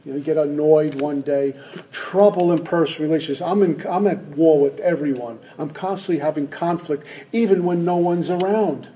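A man's voice: fairly high pitch, moderate pace, warm tone, rough recording. Man giving a humorous talk to a meeting. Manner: humorous, acts out inner voices. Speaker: speaker at a recovery meeting. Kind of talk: personal talk to a live audience. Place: meeting room with a live audience.

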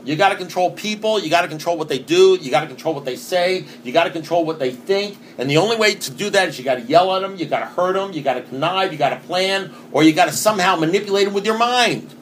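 A man's voice: sits high, a little hiss or hum. A man giving an earnest recovery talk, reading passages from a book and repeating points for emphasis, now and then rising to emphatic bursts. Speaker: recovery meeting speaker.

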